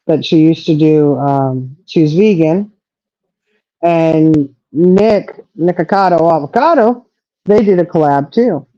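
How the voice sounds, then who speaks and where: A woman's voice: deep voice, dark tone, no echo, dull audio. A middle-aged woman chatting casually as a livestream co-host, rambling and trailing off as she talks. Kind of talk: casual chat.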